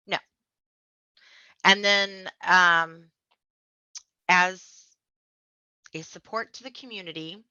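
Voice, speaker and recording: A woman guest on a podcast telling her personal story in a casual, animated way, acting out the other people in it. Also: lowish voice, clean tone, no echo. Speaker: podcast guest, memoir author. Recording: dull lo-fi dry sound.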